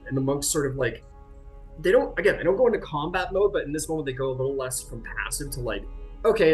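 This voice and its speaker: A man narrating a tabletop game as its game master, at an average pitch. He wanders through his descriptions with many fillers and restarts. Faint music plays behind him. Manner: rambling, full of fillers and restarts.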